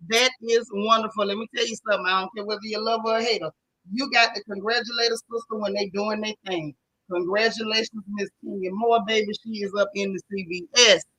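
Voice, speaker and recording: Southern woman host, chatty and sassy, dry close mic, bright tone. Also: mid-range voice, fairly even intonation, brisk, no echo, rough recording. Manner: chatty, greets viewers one by one, sassy slang. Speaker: show recap host. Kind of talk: casual livestream chat.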